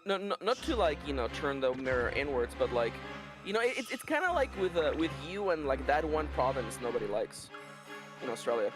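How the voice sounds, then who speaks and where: A man's voice: on the high side, big pitch swings, fairly quick. A man from California chatting casually on a game stream, rambling and tripping over his words as he gives tips. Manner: rambling, stammers and repeats words. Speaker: co-streamer guest. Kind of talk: casual gaming chat. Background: game music.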